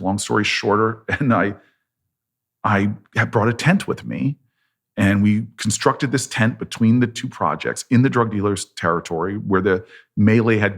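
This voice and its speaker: Speaking as a politician guest, an American-accented man in his fifties relates a long story, performing each side of the exchanges with real animation. His pitch is fairly low.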